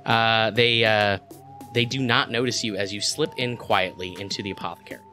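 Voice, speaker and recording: A man's voice: fairly low pitch, fairly even intonation, normal speed, sharp tone, soft background music. A man narrating as game master, rambling with lots of filler words.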